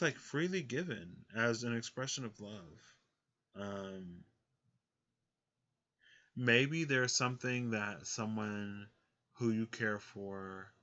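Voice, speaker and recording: A man's voice: lowish voice, fairly bright tone, highs cut off. A man giving a casual tarot reading, rambling with lots of fillers and frequent laughs. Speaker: tarot reader.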